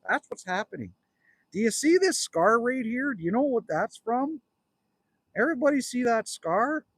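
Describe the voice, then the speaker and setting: This Canadian man in his fifties hosts a casual livestream from outdoors at his cabin, reading comments in a rambling, jokey way and talking straight to viewers. His voice is very high-pitched, fairly bright and slightly rough, and the recording is dry.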